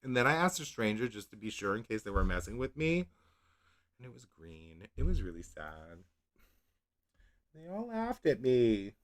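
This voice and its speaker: A man's voice: medium pitch, big pitch swings, normal speed, pauses often. A man hosting a casual nail polish livestream, rambling, second-guessing himself and laughing at his own confusion. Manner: reads product blurbs in a mock-dramatic voice. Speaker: nail polish channel host.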